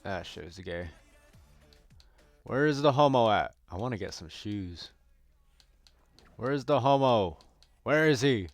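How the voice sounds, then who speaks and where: A young man giving casual, profane gameplay commentary, often bursting into yells. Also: fairly low pitch, measured pace, long pauses, faint music behind. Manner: profane, excitable, bursts into yelling. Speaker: gaming video creator.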